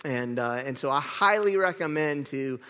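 A man's voice: medium pitch, lively intonation, normal speed, pushed and bright, clean tone, long reverb tail. A man preaching a sermon, chatty and self-correcting, joking with the congregation. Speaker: pastor. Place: church sanctuary.

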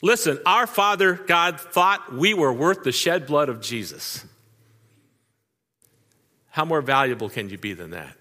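A man's voice: fairly high pitch, expressive, a little slow, long pauses, bright, forceful tone, in a large hall. An older man preaching a sermon, telling folksy family stories in a conversational way and turning to the audience with asides. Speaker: pastor. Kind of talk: storytelling sermon.

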